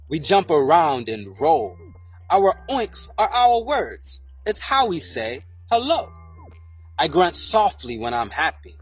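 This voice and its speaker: A reader reading a children's picture book aloud in a slow, sing-song way. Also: mid-range voice, a bit bright, husky. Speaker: storybook reader.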